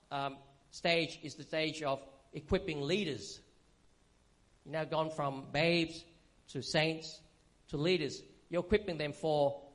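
A pastor teaches from the pulpit in a relaxed, conversational sermon style, his voice sitting a little high for a man. As he explains, he uses fillers and keeps checking in with the congregation with frequent "okay?"s.

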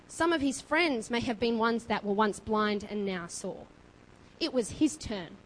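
A woman preaching a sermon, impassioned and building to loud emphasis. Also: on the high side, a little hiss or hum, rough recording.

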